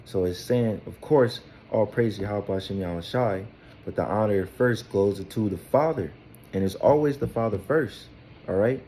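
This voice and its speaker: A man's voice: lowish voice, moderate pace, warm tone, slight background noise. A man giving a loose, informal scripture lesson who keeps asking "all right?" and rambles with fillers and repeated words. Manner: tags nearly every phrase with "all right?". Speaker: Bible teacher.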